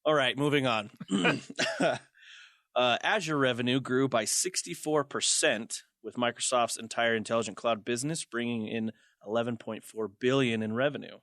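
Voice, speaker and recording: A man's voice: moderate pace, fairly bright tone, no echo, studio quality. A young man hosting a casual tech podcast, joking and laughing often between points. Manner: jokey, laughs often, goofy high squeals. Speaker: podcast host.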